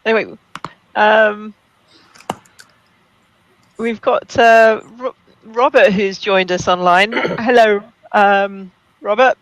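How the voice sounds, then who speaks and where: A man's voice: sits high, steady tone, takes it slowly, pauses often, a bit bright, no echo, muffled recording. A man hosting a podcast, chatting casually with brief, friendly interjections. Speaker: podcast host. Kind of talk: casual chat.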